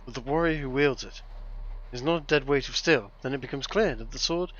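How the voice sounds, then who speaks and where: A man playing a solemn male sword-master in a put-on German accent, reading old wisdom aloud in a grave, measured way. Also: mid-range voice, fairly bright tone, lo-fi sound, a little hiss or hum, lightly acted. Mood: solemn recital.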